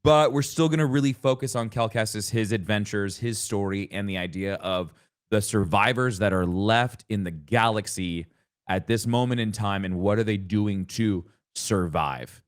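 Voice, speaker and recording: A man in casual podcast chat with a low voice, rambling through long thoughts. He restarts his sentences often and gets louder when excited. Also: normal speed. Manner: animated, rambling with frequent restarts. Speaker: podcast co-host. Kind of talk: casual gaming discussion.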